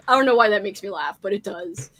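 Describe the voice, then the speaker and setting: A woman's voice: mid-range voice, lively intonation, moderate pace, pushed and bright, dry recording. A young woman hosting a casual livestream chat, giggly and gushing. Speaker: livestream host.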